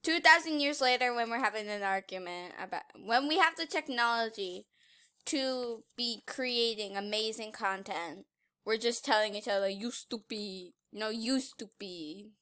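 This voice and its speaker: A woman giving casual, playful gameplay commentary, giggling and teasing, swinging between loud outbursts and quiet asides. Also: fairly high pitch, normal speed, clear, resonant tone. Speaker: gaming YouTuber.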